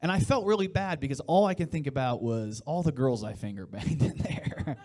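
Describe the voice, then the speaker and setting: This mid-range, slightly mellow male voice moves at a normal pace as a stand-up comic from Indiana, USA, in his late thirties, works a live audience. He rambles loosely through the set, bantering with the crowd while laughter fills the gaps between lines.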